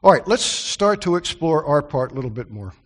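A man's voice: a little high, sing-song, fairly quick. Earnest male preacher with chatty asides. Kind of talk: Bible study sermon.

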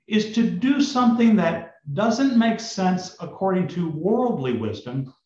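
Slow, animated male preacher. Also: a little high. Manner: storytelling, addresses the congregation. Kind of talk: sermon with told fable. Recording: roomy, slightly dull recording.

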